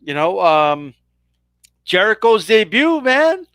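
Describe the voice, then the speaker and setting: High-voiced laid-back co-host man. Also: big pitch swings, slow pace, fairly bright tone, no room sound. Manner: laid-back, says "bro" and "you know what I mean". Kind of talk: casual chat.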